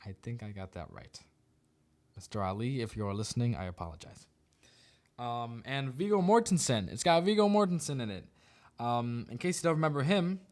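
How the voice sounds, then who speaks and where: A male podcast host talks through his opinions in a loose, casual way. His voice sits at an ordinary pitch but leaps up and down a great deal as he turns sarcastic. He laughs often between points.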